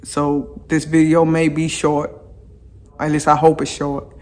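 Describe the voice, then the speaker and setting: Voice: medium pitch, completely flat delivery, unhurried. A vlogger talking casually to viewers while out on a walk, repeating phrases for emphasis and going off on chatty asides. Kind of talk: casual walking vlog talk. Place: outdoors on a walk.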